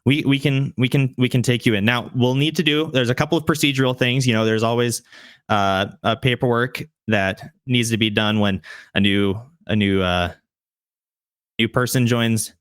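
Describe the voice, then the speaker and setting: A man's voice: mid-range voice, moderate pace, a bit bright, smooth, no room sound, studio quality, close to an everyday voice. Man voicing a too-cheerful gate guard. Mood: welcoming. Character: friendly male city gate guard, overly welcoming.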